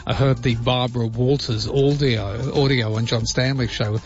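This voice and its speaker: A man's voice: mid-range voice, fairly even intonation, moderate pace, lo-fi sound, faint music behind. A man with an Australian accent hosting an overnight talkback radio show, chatting in a rambling, self-deprecating way.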